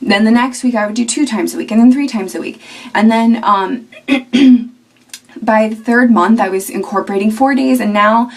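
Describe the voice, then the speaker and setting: A woman's voice: on the high side, moderate pace, distant mic. A young woman in her twenties talking casually to camera at home, chatty and rambling with fillers. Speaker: vlogger. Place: at home indoors.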